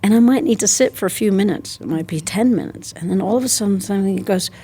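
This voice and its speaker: A woman therapist speaking as an interview guest, calm and reflective, in slow measured phrases. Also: mid-range voice, breathy edge. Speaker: guest, somatic trauma therapist. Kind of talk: interview conversation.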